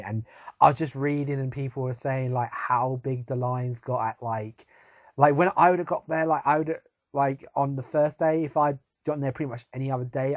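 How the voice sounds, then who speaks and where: A young man telling a rambling story to camera, laughing often and trailing off quietly. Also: mid-range voice, no room sound, studio quality. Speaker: vlogger.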